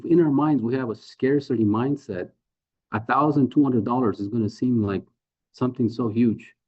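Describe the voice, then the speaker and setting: A man leading a sales training, talking persuasively with rhetorical questions and acted-out sales dialogues. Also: mid-range voice. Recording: phone-like narrow audio.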